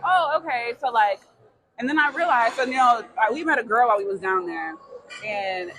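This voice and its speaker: A young adult woman co-hosting a casual chat, telling a lively story, swearing freely and acting out the people she quotes. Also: mid-range voice, low-quality recording. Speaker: podcast co-host.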